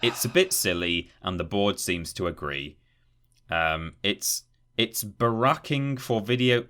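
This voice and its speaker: A man's voice: lowish voice, lively intonation, takes it slowly, sharp tone. A man co-hosting a podcast, reading gaming news aloud in casual chat and stumbling over words. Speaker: podcast co-host.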